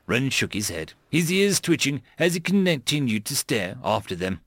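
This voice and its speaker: A man narrating an audiobook in an expressive voice, voicing many characters. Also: mid-range voice, moderate pace, dry recording, studio quality.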